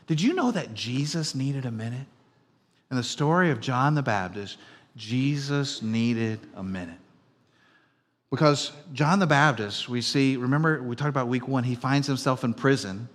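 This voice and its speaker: A middle-aged male pastor preaches in a conversational, storytelling way, his voice rising loud and then sinking to a hush. His medium voice carries a long reverb from the church hall around him. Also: medium pitch, normal speed. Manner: conversational storytelling, swinging between loud and hushed. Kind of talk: sermon. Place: church auditorium.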